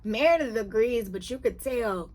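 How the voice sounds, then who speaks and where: A woman's voice: on the high side, expressive, normal speed, darkish tone. A woman giving a sassy, slangy, emphatic recap of a reality TV episode. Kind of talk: casual recap commentary.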